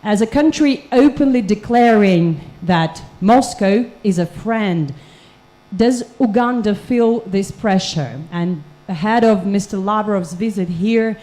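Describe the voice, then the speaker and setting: A woman journalist asks a long question at a press conference, laying out each part clearly. Her voice is mellow. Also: mid-range voice.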